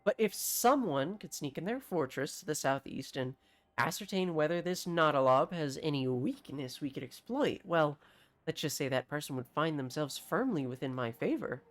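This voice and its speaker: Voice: mid-range voice, lively intonation, normal speed, natural voice. A streamer reading out a frantic, over-polite woman mayor of a village from a game, with a put-on voice. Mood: nervous. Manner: frantic, then falsely composed and over-polite. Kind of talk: reading game dialogue aloud.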